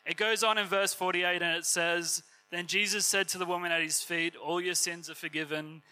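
High, bright-voiced young man preaching. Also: rough recording. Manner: casual, earnest, filler-heavy preaching. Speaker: youth preacher. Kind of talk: sermon.

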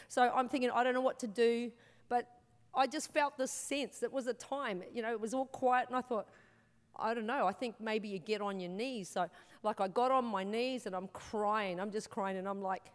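A woman giving an earnest, emotional church testimony and altar call, halting and restarting as she speaks. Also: on the high side. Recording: long hall reverb.

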